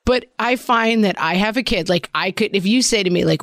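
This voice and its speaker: Wry, brisk woman podcast co-host. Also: medium pitch, fairly bright tone, no echo, studio quality. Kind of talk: casual podcast chat.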